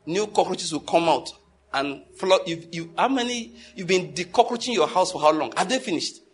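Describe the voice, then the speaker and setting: A preacher with a notably high voice delivers an emphatic sermon at a moderate pace, repeating key phrases to drive his points home. He fires rhetorical questions at his audience, and his volume swings widely between calm and forceful, over slight background noise.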